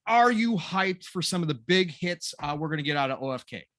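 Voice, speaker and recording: A man's voice: fairly high pitch, lively intonation, fairly quick, fairly bright tone, no echo, studio quality. A man in his forties co-hosting a gaming podcast, rambling and sarcastic with a self-deprecating streak. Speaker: podcast co-host. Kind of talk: casual gaming news chat.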